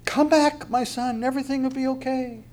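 A man's voice: extremely high pitch, fairly even intonation, normal speed, a little mellow, a little hiss or hum, pitched above the performer's own voice. A man voicing a remorseful older king who pleads tearfully in a strained, raised voice. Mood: pleading.

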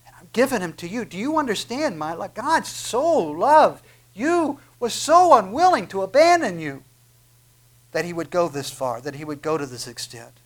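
A man's voice: sits high, lively intonation, moderate pace, pitched above the performer's own voice, low-quality recording. Brief: loving fatherly God, earnest and pleading, rising tone, as a preacher puts him on. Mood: tender pleading.

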